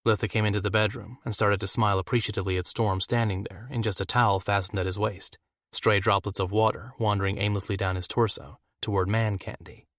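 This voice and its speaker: A man narrating a fantasy audiobook in a steady, measured way. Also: on the low side, no echo, clean studio sound. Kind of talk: scripted narration.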